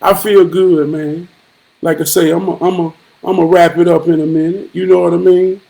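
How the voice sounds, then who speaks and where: A man hosting a live stream, giving a profane, preachy monologue with rhythmic repetition and occasional shouted bursts. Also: sits high, level tone, normal speed, vocal fry. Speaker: livestream host.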